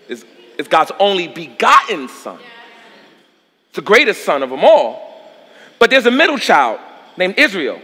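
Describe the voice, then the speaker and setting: A man preaching a sermon in an emphatic style. He calls out to the congregation for responses. His voice is high and bright, and it rings out with the long reverb of a large hall. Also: sing-song, unhurried, pauses often, breathy edge. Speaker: pastor.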